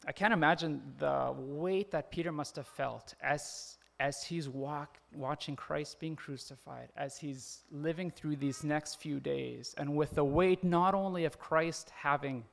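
A man's voice: on the high side, a little slow, gravelly, hardly any pauses. A man preaching a sermon in a conversational way, often laughing and acting out the quoted lines. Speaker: pastor.

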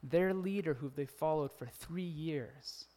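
A man's voice: fairly high pitch, a little slow, warm tone. A man preaching a sermon in a conversational way, often laughing and acting out the quoted lines. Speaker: pastor.

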